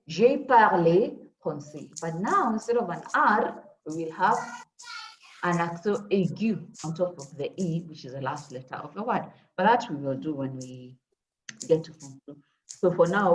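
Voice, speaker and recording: A woman's voice: on the low side, a little hiss or hum, poor audio. Patient woman teaching French online. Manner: patient explaining with many fillers. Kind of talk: online class lesson. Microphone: video call.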